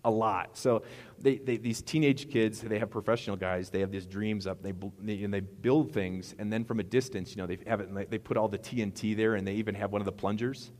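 A man's voice: on the low side, steady tone, brisk, darkish tone, big-room sound. A middle-aged man preaching a sermon as pastor, rambling and conversational with asides.

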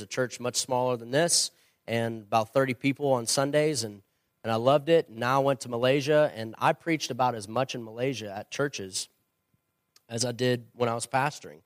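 A man's voice: mid-range voice, no room sound, clean studio sound. Earnest, opinionated missionary man. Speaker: missionary and former pastor. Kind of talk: church question-and-answer talk.

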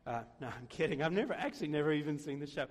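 Conversational pastor preaching in reverb. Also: male voice, on the high side, animated, rapid-fire. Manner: conversational, self-deprecating joking. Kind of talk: sermon.

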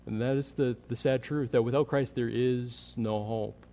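A man preaching a sermon as pastor, earnest, building in energy and then dropping to a quiet, prayerful tone. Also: medium pitch, fairly even intonation, normal speed. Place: church sanctuary. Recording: long hall reverb.

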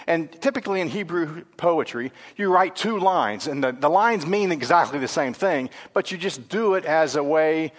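A man preaching a sermon, lively and conversational, moving between animated questions and hushed, grave passages. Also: fairly high pitch, big-room sound. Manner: self-correcting, laughs at own stumbles.

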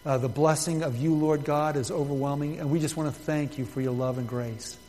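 Male pastor, fervent pleading prayer, swells and hushes, long church reverb, faint hum. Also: fairly high pitch, fairly even intonation, a little fast. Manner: fervent, pleading, swells loud then drops soft. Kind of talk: sermon closing prayer. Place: church building.

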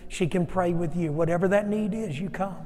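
Speaking earnestly to his congregation in a church sanctuary, a male pastor preaches and leads an altar call. His high-pitched voice is brisk with a dark tone, and the sound fills a large hall.

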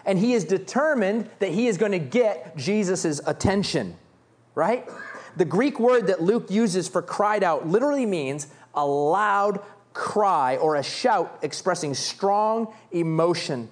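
Animated male pastor preaching a sermon. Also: high voice, a little slow. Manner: animated preaching, reading scripture aloud, acting out a shouting beggar.

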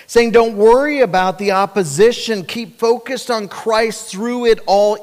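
A man's voice: sits high, in a large hall. A male pastor preaching a sermon, speaking emphatically and directly to the congregation.

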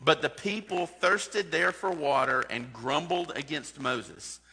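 Bright-voiced man preaching in a reverberant hall. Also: a little high, takes it slowly, husky. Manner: conversational preaching, direct questions to the congregation. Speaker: pastor. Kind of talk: sermon.

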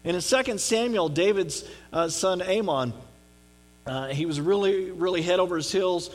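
A man's voice: high voice, normal speed. A man giving a conversational sermon on a Bible passage in an earnest way, often checking in with his listeners. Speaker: pastor.

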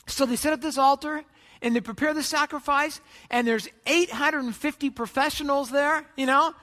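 A man preaching a sermon, retelling a story with lively, acted-out quotes and sarcastic asides. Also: extremely high pitch, moderate pace, long reverb tail. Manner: animated storytelling, acts out voices. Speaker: pastor.

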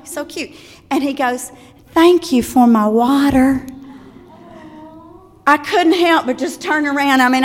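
An older woman with a Southern accent, giving a chatty talk to parents on children's manners and telling stories with asides. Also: high-pitched. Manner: chatty, warm storytelling with asides. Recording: long hall reverb.

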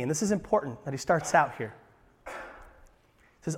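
Animated male pastor in a reverberant hall. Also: high-pitched, measured pace, long pauses, slightly rough. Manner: animated, talks with his hands. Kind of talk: sermon.

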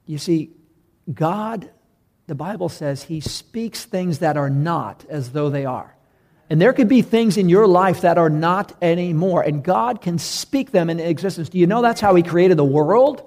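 A man preaching a sermon, reading scripture and retelling it with animated bursts of loud emphasis. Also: on the high side, normal speed. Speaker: pastor.

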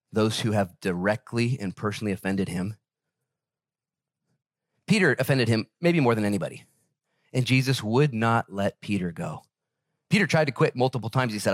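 A male pastor preaching a sermon in an animated, conversational way and joking with the congregation. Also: medium pitch, dry recording, studio quality.

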